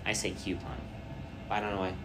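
A young man hosting a casual podcast chat, rambling through stories and trailing off quietly at the ends of thoughts. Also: fairly low pitch, moderate pace, noisy background. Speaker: podcast host.

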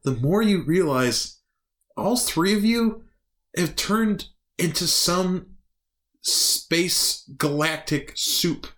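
A young man narrating a tabletop game as game master, halting and giggly. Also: high voice, expressive, fairly bright tone.

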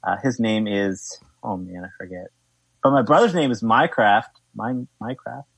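A man's voice: fairly low pitch, normal speed, creaky, a bit bright, breathy edge, no echo, low-quality recording. Jokey man playing a tabletop game. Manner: jokey, rambling in character. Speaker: player. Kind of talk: tabletop role-play chat.

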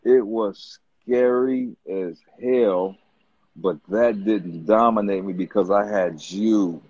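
A man telling stories on a podcast in a loose, animated way, repeating words and acting out what others said. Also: fairly low pitch, slow, husky, dry recording. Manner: animated storyteller, repeats words, acts out quotes. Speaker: podcast guest. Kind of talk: casual storytelling chat. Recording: dull dry close-mic podcast sound.

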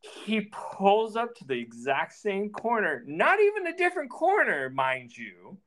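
A man on a podcast spins a personal story with a lively, swooping pitch. He talks casually, swears freely and slips into the voices of the people he describes. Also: a little slow. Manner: animated, swearing, acts out the dialogue.

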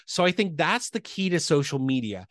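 Man, real estate coach on a podcast, earnest, rapid, slightly high voice, dry close sound. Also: sing-song, fairly bright tone, dry recording. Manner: earnest, fast, enthusiastic talker with frequent "right?" tags. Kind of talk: podcast guest interview.

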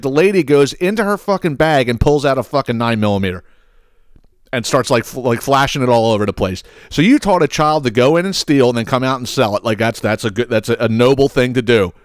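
A man's voice: medium pitch, animated, brisk, clear, resonant tone, no room sound, clean studio sound. A man hosting a podcast, ranting about viral clips in a sarcastic, blunt and profane way. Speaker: podcast host.

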